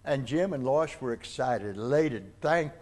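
A man's voice: mid-range voice, lively intonation, measured pace. An older man preaching, telling a long personal story and acting out the voices of the people in it as he goes. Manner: acts out dialogue in the story, with rises and falls in loudness. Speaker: pastor. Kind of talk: sermon storytelling. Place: church sanctuary.

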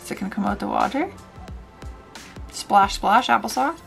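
A woman hosting a casual reaction vlog, sassy and animated, with loud outbursts and slow mutters. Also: mid-range voice, gravelly, over loud music. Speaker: YouTube reaction host.

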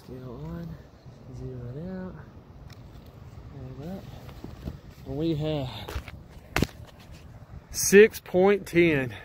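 A man narrates his fishing in an excitable, exclaiming way, often repeating himself. His voice sits high, and heavy outdoor noise from the water and a boat runs behind him. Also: drawn-out words, pauses often. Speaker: fishing vlogger. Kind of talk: casual fishing commentary. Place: outdoors on a lake.

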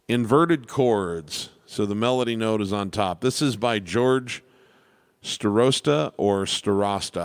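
A man's voice: fairly low pitch, clean tone, dry recording, clean studio sound. Laid-back man teaching piano. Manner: relaxed, rambling, self-deprecating with many restarts. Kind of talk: casual live Q&A lesson.

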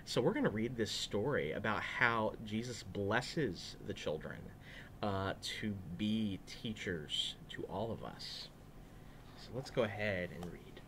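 Animated man reading a children's story. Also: fairly low pitch, slow, a little hiss or hum. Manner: animated, chatty, asides to kids. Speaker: pastor.

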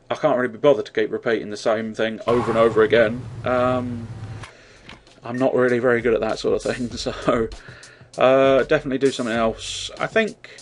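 A man commenting on his gameplay in a chatty, wry way, swearing often. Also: mid-range voice. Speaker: let's play host. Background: game sounds and music.

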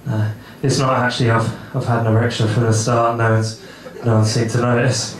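Speaking a bit fast with a flat, medium-pitched delivery and barely any pauses, a young stand-up comedian rambles awkwardly through a club set, swearing freely and poking fun at himself. The room is echoey, with loud laughter from the live audience and a little hiss or hum.

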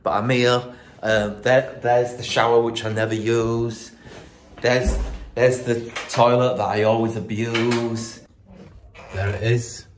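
A man's voice: mid-range voice, level tone, slow, a little hiss or hum. A middle-aged man hosting a TV show, rambling and joking through a casual video diary backstage in a studio dressing room, filmed on a handheld phone. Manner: rambling, jokey, self-mocking. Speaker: TV show host.

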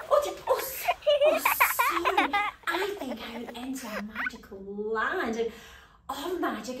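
A woman's voice: high voice, roomy sound, far from the mic, slight background noise. A woman hosting a children's storytime, reading a picture book aloud expressively, gasping and exclaiming along the way.

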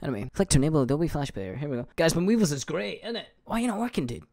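A young man commentating a live gaming stream, excitable, swearing casually and laughing often. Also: on the high side, fast, gravelly, soft background music.

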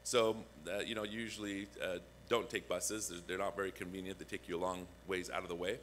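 A man's voice: low-pitched, brisk, a little hiss or hum. A man preaching a conversational sermon as a guest pastor, telling a personal story. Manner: conversational, animated when acting out quotes. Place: church.

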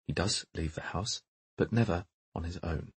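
A man voicing a calm, matter-of-fact middle-aged mother who speaks quietly and precisely. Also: low voice, moderate pace, breathy edge, no room sound. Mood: composed.

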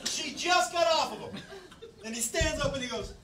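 High-voiced, excitable male stand-up comic. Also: moderate pace. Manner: loud, excitable, profane, acts out the people in the story. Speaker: stand-up comedian. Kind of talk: stand-up storytelling. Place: comedy club stage with laughing audience. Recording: live club recording with crowd noise.

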